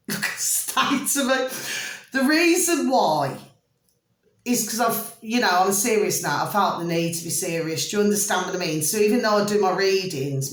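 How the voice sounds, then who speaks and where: A middle-aged woman, talking casually and affectionately to camera at home, rambling and often checking that her viewers follow her. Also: fairly low pitch. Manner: chatty, doting, keeps checking listeners follow. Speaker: vlogger doing readings. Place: indoors at home. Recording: roomy home recording.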